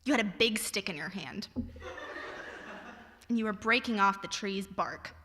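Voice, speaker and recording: A woman's voice: medium pitch, a little slow, pushed and bright. A young woman reading her own poems and stories aloud to an audience, with wry, self-mocking asides between pieces. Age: young adult. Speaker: student reader. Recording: long hall reverb.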